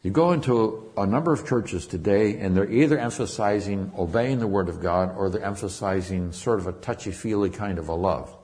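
A man's voice: lowish voice, moderate pace, hardly any pauses, darkish tone. A man preaching a sermon, explaining Greek words with emphatic, repetitive phrasing. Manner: repeats words and restarts, with fillers. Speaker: Bible teacher.

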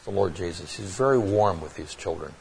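A man's voice: low voice, lively intonation, fairly quick, creaky, darkish tone, a little hiss or hum. A man preaching a Bible sermon, earnest and plainspoken, often restarting his words with fillers.

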